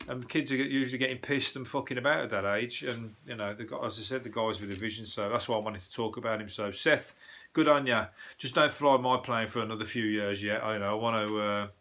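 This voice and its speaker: Sweary rambling man, bright voice. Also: mid-range voice, slight background noise. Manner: sweary, rambling, puts on quick voices for people he mocks. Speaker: podcast host. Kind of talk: profane comic news rant.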